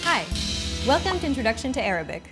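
Over loud music, a woman hosts a language lesson, reading a scripted explanation and cheering learners on with short, bright, encouraging prompts. Her voice is fairly high and very animated, and she talks fast.

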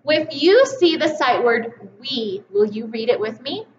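Slow, sing-song kindergarten teacher woman. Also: a little high, expressive. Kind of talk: slow, clear reading lesson for young children. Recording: slightly dull, roomy home recording with faint noise.

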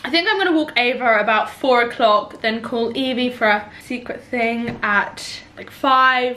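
A woman's voice: fairly high pitch, a little slow, few pauses, sharp tone, a little hiss or hum. A young woman vlogging about her day at home, rambling and poking fun at herself. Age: young adult. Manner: rambling, self-mocking and chatty. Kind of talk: casual vlog chatter. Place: home, indoors.

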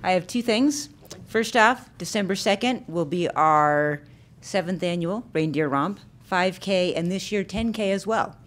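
A woman's voice: lowish voice, measured pace. A woman representing a community organization, giving an upbeat announcement at a council meeting. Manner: upbeat, promotional.

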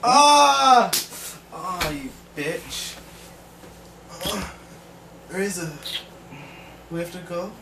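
A young man joking crudely with friends in a room, yelping and shouting now and then. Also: high-pitched, very slow, pauses often, far from the mic. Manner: loud, crude, joking, bursts into yelps and shouts. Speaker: friend filming a home video. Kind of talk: rowdy casual banter. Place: indoor room. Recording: noisy home camcorder audio.

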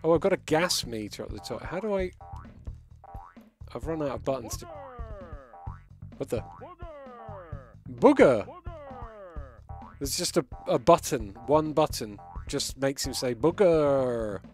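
A man's voice: medium pitch, expressive, moderate pace, long pauses, faint music behind. A man giving live, amused commentary while he plays a retro game and reads chat. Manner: chatty, amused, reacting as he plays. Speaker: game streamer.

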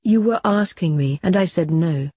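A woman's voice: on the low side, lively intonation, moderate pace, dark tone, breathy edge, dry recording, clean studio sound. A woman voicing an uneasy, guarded young girl witch. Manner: uncomfortable and guarded.

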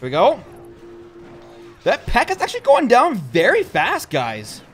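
Excitable young man doing game commentary. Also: very high-pitched, a little slow, a little hiss or hum. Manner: excitable, jumps to loud outbursts. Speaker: gaming channel host. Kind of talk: gameplay commentary.

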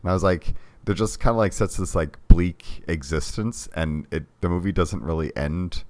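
Male podcast co-host, extremely deep voice, loose rambling delivery, dry mic. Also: normal speed, no echo. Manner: rambling, many "like" fillers, trailing off softly. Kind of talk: casual movie discussion.

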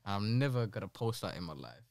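A man's voice: on the low side, very animated, fairly quick, a little mellow, dry recording, clean studio sound. A young man from Birmingham with a Birmingham accent, a guest talking in a casual, slangy podcast chat and insisting on his points. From Birmingham, England. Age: young adult. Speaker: YouTuber guest.

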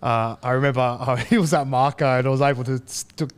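A man, a guest telling stories in a relaxed, halting way with frequent chuckles. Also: mid-range voice, smooth. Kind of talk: casual storytelling.

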